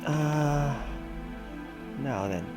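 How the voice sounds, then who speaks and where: A man's voice: a little high, expressive, very slow. Guy streaming a game, talking to himself, voice jumps all over, game music going behind. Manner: muttering to himself, reacting to the game. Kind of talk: casual live gameplay commentary.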